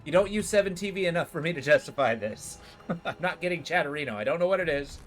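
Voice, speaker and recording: A man's voice: fairly high pitch, expressive, quick pace, faint music behind. A man livestreaming a game, chatting casually with his viewers in a rambling way full of fillers. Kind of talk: casual chat while gaming.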